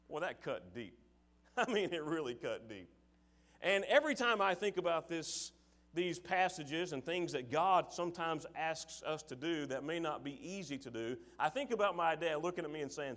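A man preaching a sermon, moving from casual, filler-laden asides to forceful, emphatic calls to his listeners. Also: on the high side, lively intonation, normal speed. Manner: acts out his father's sarcastic voice.

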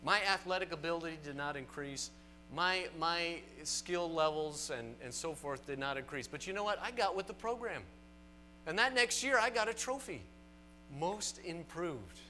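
A man with a Southern US accent preaching a sermon to a congregation, animated and emphatic with folksy asides. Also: fairly high pitch, moderate pace, faint music behind. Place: church sanctuary.

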